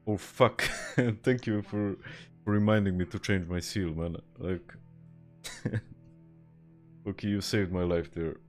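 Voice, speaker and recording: A man's voice: low-pitched, fairly even intonation, takes it slowly, long pauses, darkish tone, soft background music. A young man from Serbia with a Serbian accent, chatting casually on a game stream, laid-back and swearing, reading and answering viewer chat. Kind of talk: casual live-stream chat while gaming.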